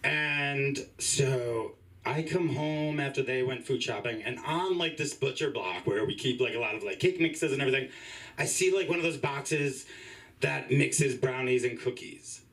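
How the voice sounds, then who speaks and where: A man's voice: mid-range voice, moderate pace, fairly bright tone, far from the mic, low-quality recording. A man doing open mic stand-up in a small comedy club, chatty and rambling, full of fillers and voiced asides.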